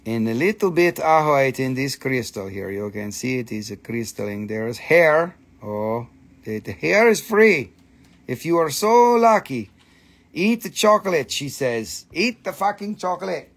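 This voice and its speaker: A tired man hosting a late-night live crystal sale, joking and swearing in loose, non-native English as he pitches each piece. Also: unhurried. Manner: playful, joking and profane, with non-native phrasing; animated, jumps between teasing and pitching. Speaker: crystal seller hosting a live sales stream. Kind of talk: casual live sales chatter.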